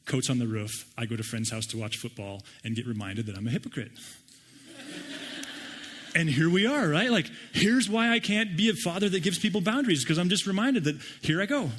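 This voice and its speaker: A middle-aged man preaching a sermon and telling personal stories with animated, self-deprecating humor. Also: fairly high pitch, fairly quick, slight background noise. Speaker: pastor.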